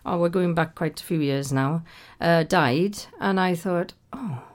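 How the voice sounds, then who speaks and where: A woman's voice: lowish voice, measured pace. A middle-aged woman, a singer being interviewed in a radio studio, chatting casually with lots of fillers and easy laughs.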